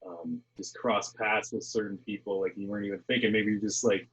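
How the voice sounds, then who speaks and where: Low, husky man on a dull line. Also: fairly even intonation, fairly quick, fairly bright tone. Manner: laid-back, agreeable, chiming in. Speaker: podcast host. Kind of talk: casual interview chat.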